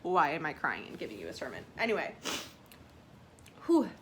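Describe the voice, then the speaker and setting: Her pitch sits low but swoops wildly as she talks at normal speed over slight background noise. She's vlogging an unboxing at home and reading affirmation cards, emotional and self-conscious, a bit teary from crying and sometimes soft and tearful.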